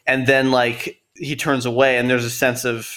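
A man's voice: medium pitch, little pitch movement, moderate pace, pushed and bright. A man co-hosting a film podcast, casually and animatedly retelling scenes. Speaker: podcast co-host.

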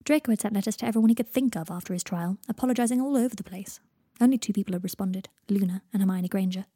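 Woman reading a story, husky breathy voice, dry close sound. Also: mid-range voice, fast, no echo. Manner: steady storytelling. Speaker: narrator. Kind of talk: audiobook reading of fan fiction.

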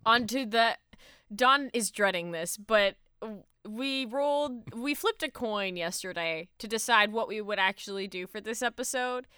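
Giggly young woman with a crisp voice. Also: medium pitch, measured pace, bright, forceful tone, no room sound, clean studio sound. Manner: giggly, rambling, frequent restarts. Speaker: podcast co-host. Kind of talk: casual podcast chat.

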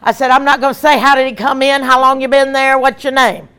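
A woman evangelist, preaching an emphatic, animated sermon with repeated lines. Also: high voice, a little fast, clear, resonant tone.

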